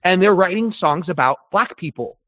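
A man's voice: sits high, lively intonation, normal speed, fairly bright tone, no room sound. A man talking as a guest over a video call, blunt and profane, often restarting his sentences. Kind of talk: casual conversation. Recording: dull lo-fi call audio.

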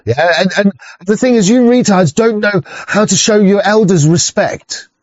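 A man's voice: sits high, measured pace. A man in a rambling, profane, heated casual rant. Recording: dull lo-fi sound.

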